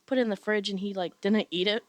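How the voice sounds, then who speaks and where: A woman's voice: medium pitch, quick pace, dry recording. A young woman co-hosting a podcast, telling stories in casual chat and laughing often. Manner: animated storyteller, laughs often. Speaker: podcast co-host.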